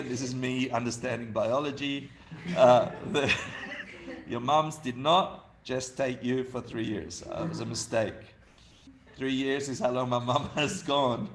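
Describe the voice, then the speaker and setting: A man in his fifties from Argentina, with a mid-range, somewhat bright voice, gives a humorous dharma talk. He's chatty, laughs often, and tells stories about his family.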